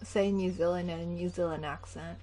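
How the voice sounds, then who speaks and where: A young woman livestreams a game, chatting casually and giggling in a brisk, lowish voice, with slight background noise. She's chatty and tells stories in an animated way.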